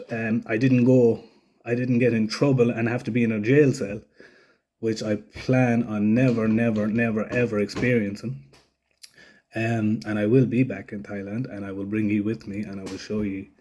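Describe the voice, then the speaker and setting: A man's voice: mid-range voice, warm tone, a little hiss or hum. A young man telling a story casually, rambling, swearing freely and acting out other people's lines. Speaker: vlogger.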